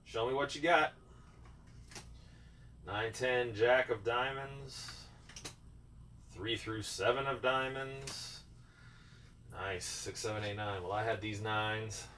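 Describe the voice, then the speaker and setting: A man's voice: lowish voice, takes it slowly, pauses often, pushed and bright. A man casually chatting with his co-host over a card game and talking to viewers. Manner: easygoing, talks to viewers and the dog. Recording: distant mic with clear room noise.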